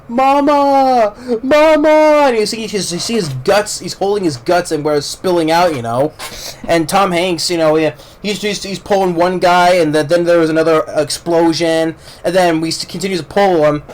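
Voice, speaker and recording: A man with a somewhat high voice gives a loose spoken movie review. He rambles, restarts his sentences and repeats words as he goes, and he talks in a blunt, excited way with casual swearing.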